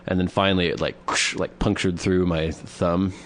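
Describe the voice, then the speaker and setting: A man's voice: low-pitched, normal speed. A young man co-hosting a comedy podcast, telling stories in casual chat and mimicking grunts and yelps. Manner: animated storytelling, mimics women's grunts. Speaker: podcast co-host.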